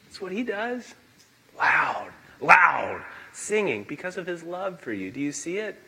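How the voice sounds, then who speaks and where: A male pastor preaching a sermon in a church, emphatic and animated, acting out quotes. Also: high-pitched, unhurried, slightly rough, poor audio.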